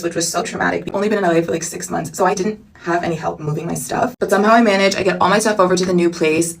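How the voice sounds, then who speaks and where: A young woman telling a personal story in a chatty storytime vlog, animated and full of asides. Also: mid-range voice, creaky, far from the mic.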